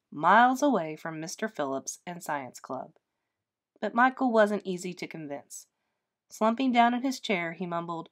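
Woman reading a storybook aloud. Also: mid-range voice. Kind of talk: storybook read-aloud narration.

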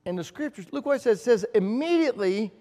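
A male pastor preaching a sermon in a church sanctuary, emphatic and repetitive, dropping to quiet asides. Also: extremely high pitch, animated, racing. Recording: long church reverb.

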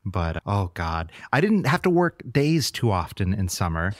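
A man co-hosting a podcast in casual chat, relaxed and quick to chime in. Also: on the low side, dry recording, studio quality. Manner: relaxed, reacts with short replies and laughs. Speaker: podcast co-host.

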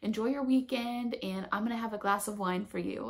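A woman's voice: a little high, fairly quick, hardly any pauses. A young pregnant woman telling a story in a casual, chatty vlog, full of fillers and laughing as she goes. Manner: chatty, lots of fillers, emotional retelling. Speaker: vlogger.

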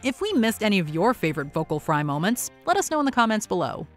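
A woman's voice: medium pitch, very animated, quick pace. A woman narrates a countdown in an upbeat, playful scripted read. Her mid-range voice moves up and down with plenty of life. Faint music plays beneath her. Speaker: countdown host.

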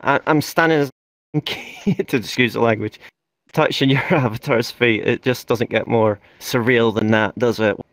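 A man's voice: mid-range voice, fairly even intonation, measured pace, fairly bright tone, dry recording, clean studio sound. A man, a guest on a casual VR chat show, talking in a wry and bemused way and laughing through his words.

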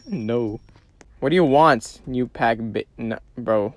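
A young man giving casual gameplay commentary, slangy and excitable, trash-talking other players as he plays. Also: fairly high pitch, a little slow, dry recording. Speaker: gaming video creator.

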